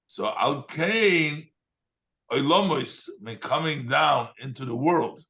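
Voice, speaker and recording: Man rabbi going through a text slow, reads the hebrew then explains it, kinda muffled lo-fi sound. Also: fairly high pitch, expressive, creaky, bright, forceful tone. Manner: reads Hebrew lines then translates, with fillers. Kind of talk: text study lesson.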